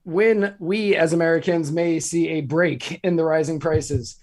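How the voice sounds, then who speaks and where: A man's voice: a little high, fairly even intonation, a little slow, darkish tone. A man co-hosting a podcast, talking casually and hesitantly with fillers. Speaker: podcast co-host. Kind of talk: casual chat.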